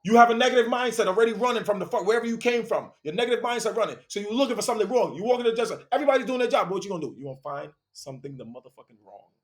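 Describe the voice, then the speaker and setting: A man's voice: high-pitched, animated, very fast, hardly any pauses. A man with a slightly raised voice lectures his listeners in a profane, confrontational monologue. He preaches hard and hammers his points home with repetition. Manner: preachy, profane, confrontational, repeats phrases for emphasis. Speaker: host.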